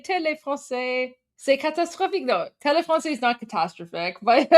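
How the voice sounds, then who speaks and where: A woman in her forties from Canada hosts a casual live stream. She talks in a chatty, giggly way and packs her sentences with fillers. Her voice sits a little higher than most women's. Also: expressive, normal speed, a bit bright. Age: 40s. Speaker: livestream host.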